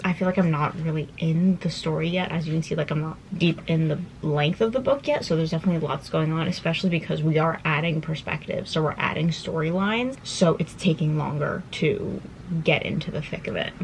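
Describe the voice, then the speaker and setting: A woman's voice: on the low side, creaky, a little hiss or hum, low-quality recording. A young woman vlogging casually about her reading, chatty and rambling with lots of fillers, at home. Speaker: book vlogger. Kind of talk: casual vlog chat.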